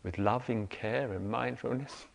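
A middle-aged man giving a meditation talk, telling everyday stories with lively, acted-out quotes. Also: medium pitch, takes it slowly, gravelly, slight background noise. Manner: animated storytelling, acts out quoted voices. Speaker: meditation teacher. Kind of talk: dharma talk to retreat audience. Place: retreat center meditation hall. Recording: reverberant hall recording.

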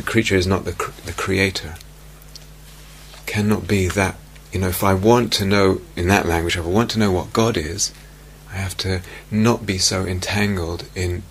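Male meditation teacher, deep voice with some fry, reflective dharma talk, faint hum on the recording. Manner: slow, reflective, repeats phrases softly. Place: retreat meditation hall.

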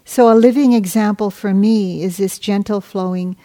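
A woman meditation teacher giving a dharma talk, soft and gentle, unhurried and reflective. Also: mid-range voice, steady tone.

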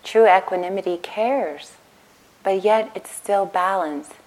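A woman meditation teacher giving a gentle dharma talk at a retreat, telling stories in a soft, calm way. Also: medium pitch, slow, low-quality recording. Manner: gentle, storytelling, soft-spoken. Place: retreat center meditation hall.

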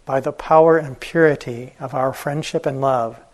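A man voicing a gentle, devoted young elephant keeper who speaks softly and earnestly, with a husky voice. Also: medium pitch, steady tone, moderate pace, close to an everyday voice. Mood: tender. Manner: soft, tender and earnest.

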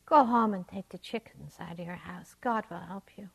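A woman voicing a calm, wise old rabbi who gives gentle advice as she tells a folk tale in a talk. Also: mid-range voice, moderate pace, lightly acted. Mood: serene. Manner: serene, gentle.

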